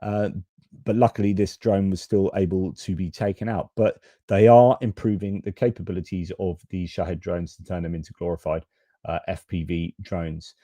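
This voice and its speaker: A man hosts a live-stream news commentary in a frank, exasperated way, swearing casually. His voice is mellow and warm, and it sounds dry and close. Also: sits low, steady tone, moderate pace, dry recording. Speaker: host.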